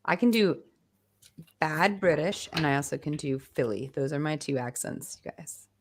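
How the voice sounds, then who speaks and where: A woman's voice: sits low, lively intonation, normal speed. A woman co-hosting a livestream, chatty and playful as she thanks viewers on a video call. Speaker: co-host. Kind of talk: casual livestream chat.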